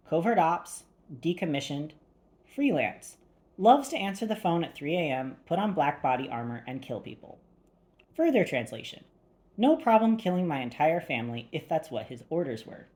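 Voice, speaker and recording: A woman's voice: sits low, very animated, moderate pace, a little mellow. A woman narrating a first-person thriller audiobook with a wry, dry delivery.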